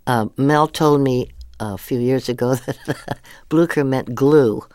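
An older actress telling rambling, animated anecdotes in a casual interview, laughing often. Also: female voice, a bass voice, takes it slowly, no room sound, clean studio sound. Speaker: guest actress.

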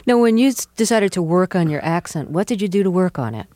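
A woman hosting a radio interview, reading a crisp scripted introduction and asking short questions. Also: on the low side, animated, fast talker, mellow, dry recording. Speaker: radio host.

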